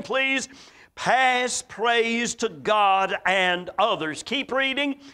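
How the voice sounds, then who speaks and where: A preacher from the American South, with a Southern accent, giving a folksy, emphatic sermon full of stories and quotes. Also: male voice, high voice, sharp tone.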